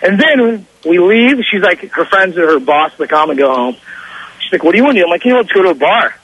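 A young male caller, boastful and excitable, with a fairly high, husky voice. He speaks on a dry, close phone line with little room sound. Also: fast talker, no echo. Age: young adult. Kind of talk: casual storytelling on a call-in show.

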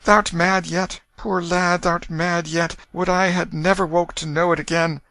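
A man's voice: sits high, flat delivery, measured pace, gravelly, dry recording, pitched above the performer's own voice, exaggerated voice. A man doing a worried poor young sister. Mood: worried pleading. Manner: pleading, hushed warnings.

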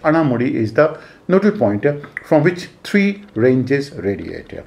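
Indian guy giving a lecture, lots of uh and eh, keeps repeating himself, middle pitch. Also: sing-song, unhurried, vocal fry, a little mellow. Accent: Indian English. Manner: repetitive phrasing with frequent "uh" and "eh" fillers. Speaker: geography teacher. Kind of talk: explanatory lecture.

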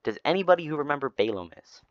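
A young man leading an informal Bible study, retelling stories in a rambling, animated way. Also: on the high side, racing. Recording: slightly dull lo-fi sound.

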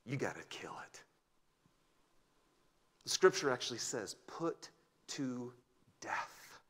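Man in his fifties preaching a sermon. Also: medium pitch. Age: 50s. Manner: storytelling with wide swings from loud to hushed. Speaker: pastor. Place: church sanctuary.

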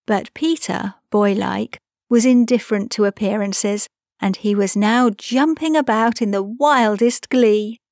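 A woman narrating a classic children's storybook as an audiobook reader, measured and expressive. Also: mid-range voice, no room sound, studio quality.

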